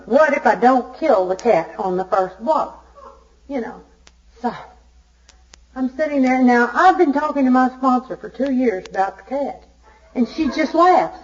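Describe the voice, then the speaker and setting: A woman's voice: sits high, expressive, unhurried. Woman telling a self-mocking story on tape. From Arkansas. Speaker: Al-Anon speaker. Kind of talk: humorous recovery meeting talk. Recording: dull lo-fi tape recording.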